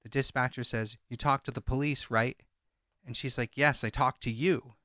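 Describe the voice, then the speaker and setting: A man's voice: mid-range voice, steady tone, moderate pace, bright, forceful tone, no room sound, clean studio sound. A man co-hosting a true crime podcast, recounting a call transcript and reading out each speaker's lines. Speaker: podcast co-host.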